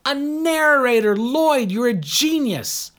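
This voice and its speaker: Narrator doing an ecstatic young woman, high, loud, breathless. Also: slow, heavily acted. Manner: breathless, excited shouting. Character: excitable young woman, caravan-raised.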